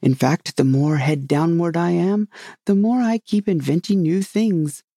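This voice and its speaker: In a storybook reading, the narrator voices a solemn, rambling knight who loves his inventions, speaking gravely and earnestly. The voice is medium-pitched, unhurried and warm, in clean studio sound with no room echo.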